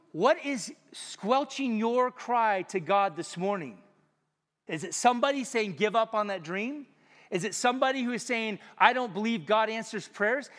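A man preaching a sermon as pastor, animated, acting out little voices and jokes for the congregation. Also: high voice, normal speed, big-room sound. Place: church sanctuary.

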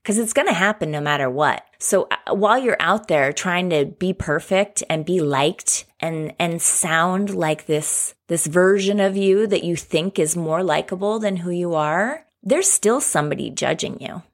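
A woman's voice: fairly low pitch, expressive, moderate pace, few pauses. A woman hosting her own podcast, talking frankly and candidly in a conversational solo monologue. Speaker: podcast host.

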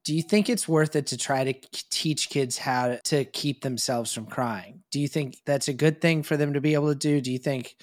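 A man's voice: mid-range voice, steady tone, normal speed, few pauses. A man co-hosting a podcast in casual chat, arguing his points plainly and asking questions. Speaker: podcast co-host.

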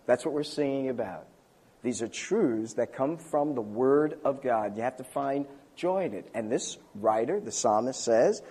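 A man's voice: mid-range voice, animated, a little slow, mellow, husky. An older man preaching a conversational sermon in a church, telling stories with a self-deprecating, chuckling manner. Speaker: pastor.

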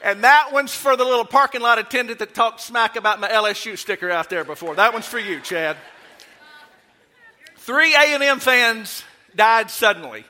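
Bright-voiced middle-aged preacher. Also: male voice, extremely high pitch, moderate pace, a faint crowd. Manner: folksy, joking, swings into loud preaching. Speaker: guest preacher. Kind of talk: sermon. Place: church sanctuary.

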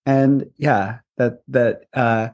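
A man's voice: mid-range voice, steady tone, very slow, a little mellow. Earnest spiritual male podcast guest. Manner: earnest, spiritual, laughs often, rambling restarts. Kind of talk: conversational interview.

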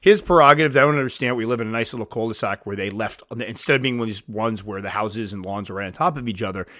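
This podcast host talks fast in a lowish, sharp voice, recorded at home on a podcast mic in studio quality with no room sound. His casual solo talk is self-deprecating, with occasional acted-out quoted voices.

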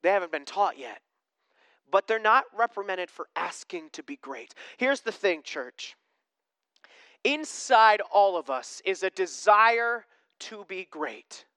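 A pastor giving a sermon in a conversational way, asking the congregation questions and swinging between emphatic preaching and hushed tones. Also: medium pitch, expressive, slow pace, dry recording.

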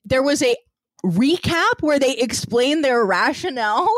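Missouri woman co-host, wry deadpan quips, careful hedging, dry close sound. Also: high voice, measured pace, dry recording. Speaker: podcast co-host. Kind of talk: casual podcast chat.

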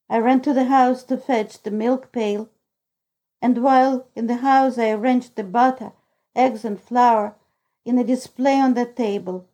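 A woman narrating a classic children's novel as an audiobook reader, calm and even. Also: fairly high pitch. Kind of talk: scripted storybook narration.

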